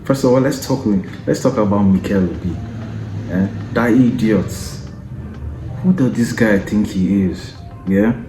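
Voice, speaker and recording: A man's voice: fairly low pitch, dark tone, echoey room. A man hosting a football podcast, delivering an opinionated, taunting rant and often adding "yeah?" and "you understand?" to press his point. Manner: taunting, combative, repeats tag questions like "yeah?" and "you understand?".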